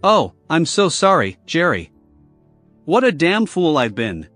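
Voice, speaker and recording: A man voicing a tearful young wife who pleads and defends herself, lines read in a lively storytelling voice. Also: a little high, a little slow, no echo, soft background music. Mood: tearful, pleading.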